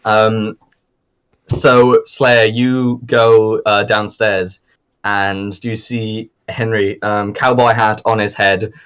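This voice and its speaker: A man's voice: lowish voice, little pitch movement, takes it slowly, fairly bright tone, clear, resonant tone. A young man narrating as game master, rambling with lots of fillers. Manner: rambling with many fillers and laughs.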